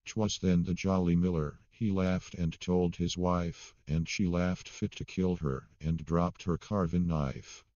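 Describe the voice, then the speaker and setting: A man reading a comic ballad aloud in a steady storytelling manner. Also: low-pitched, unhurried, few pauses, no room sound, muffled recording. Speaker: poetry reader.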